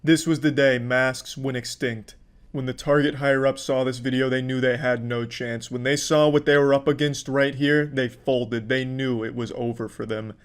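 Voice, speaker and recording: A man's voice: mid-range voice, normal speed. Profane sarcastic male commentator. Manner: profane, mocking, deadpan sarcasm. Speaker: commentator reacting to clips.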